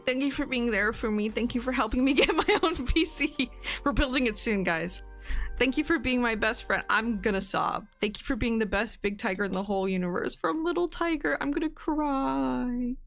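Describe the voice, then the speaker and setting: This twenties-aged streamer has a fairly high, slightly bright voice. She's reading out birthday messages in a relaxed stream, laughing a lot and growing emotional along the way.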